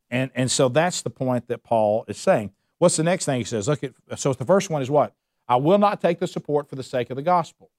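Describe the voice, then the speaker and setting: A man's voice: mid-range voice, darkish tone, dry recording, clean studio sound. A man teaching a Bible study, emphatic and repeating his points with rhetorical questions. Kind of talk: preaching a Bible study lesson.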